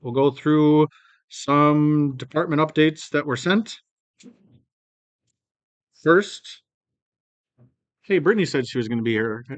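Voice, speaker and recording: A man hosting a staff planning meeting in a hotel room, reading department updates with frequent ums and pauses. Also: on the high side, no room sound. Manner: halting, reads updates aloud with many ums. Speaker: meeting host. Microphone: phone mic, sometimes held low.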